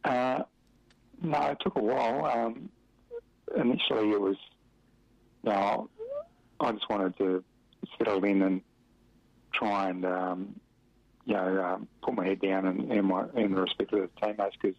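Deep gravelly Australian man, muffled radio. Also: fairly even intonation, unhurried, long pauses, dry recording. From Western Australia. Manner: rambling, chuckling anecdotes with many fillers. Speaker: former footballer, interviewee. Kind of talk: relaxed storytelling interview. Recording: muffled dry radio recording.

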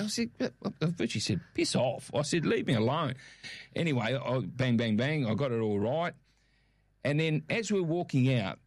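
A middle-aged Australian man chats as a co-host, telling a story with animated, acted-out quotes. The recording is close and dry, with no room sound. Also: mid-range voice, no room sound. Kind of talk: casual chat.

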